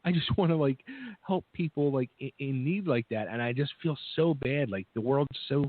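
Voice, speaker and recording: A man hosting a casual radio interview, speaking in a halting, sympathetic way with many restarts. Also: medium pitch, no echo. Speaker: host. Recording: thin phone-like sound.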